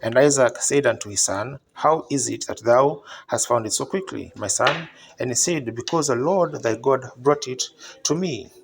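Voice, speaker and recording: A man reads scripture aloud in a measured, solemn way. His voice sits at an ordinary middle pitch. A faint hiss runs under the recording. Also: creaky. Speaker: Bible reader. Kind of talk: scripture reading.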